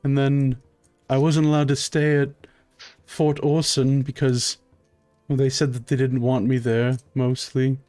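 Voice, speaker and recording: A man's voice: mid-range voice, level tone, measured pace, darkish tone, no echo, soft background music, lightly acted. A man voicing a timid male ice cream shop waiter who stammers and sniffles through his apologies. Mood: rambling.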